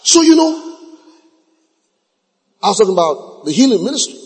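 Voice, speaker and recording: Male preacher, husky tone, dramatic swings in pitch, sermon heard in a reverberant church hall. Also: very animated. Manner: emphatic, repeats key phrases, stretches words slowly. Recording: long reverb of a large hall.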